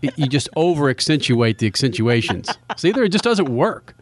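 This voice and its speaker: A man hosting a radio show, talking loud and enthusiastic, with frequent laughs. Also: mid-range voice, very animated, moderate pace, a crowd in the background. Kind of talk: casual radio talk.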